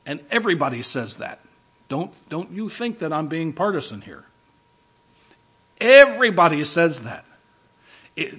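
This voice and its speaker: A man's voice: fairly high pitch, big pitch swings, unhurried, long pauses, fairly bright tone, husky, muffled recording. A man preaching a sermon as pastor, emphatic, driving home key phrases by repeating them.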